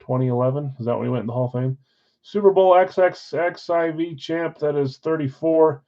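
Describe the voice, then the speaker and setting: Guy hosting a live card break, fast auctioneer vibe, kinda muffled stream audio. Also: on the high side. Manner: energetic countdowns, chatty with viewers; auctioneer-like rapid calls.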